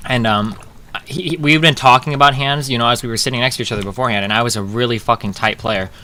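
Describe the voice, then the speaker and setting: A man's voice: medium pitch, steady tone, fast, a little hiss or hum. A man streaming, telling a rambling poker story full of profanity, with fillers and restarts. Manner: profane, rambling, gets loud and laughing.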